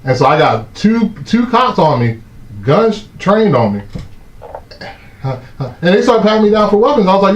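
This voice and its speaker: A man, hosting a live stream and telling a story in a casual, animated way, swearing often and acting out the shouting cops. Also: sits high, moderate pace, pauses often. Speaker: host of a live stream talk show. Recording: echoey muffled room sound.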